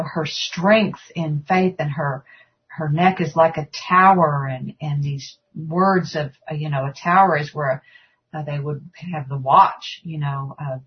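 A woman's voice: sits low, slightly rough. A woman in a religious discussion, reflecting aloud on scripture in a musing way, on a dull lo-fi recording. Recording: dull lo-fi sound.

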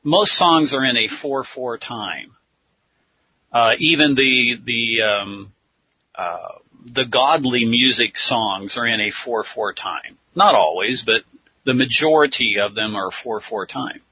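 A man's voice: mid-range voice, slow, a little hiss or hum. A man giving a religious teaching talk, explaining step by step and counting things out, on a dull lo-fi recording. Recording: dull lo-fi sound.

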